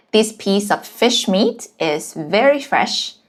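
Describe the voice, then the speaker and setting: A woman's voice: mid-range voice, expressive, slow, few pauses. A woman who speaks natively, giving a language lesson and counting out the strokes of each character one by one. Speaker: Chinese language teacher. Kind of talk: slow step-by-step lesson narration.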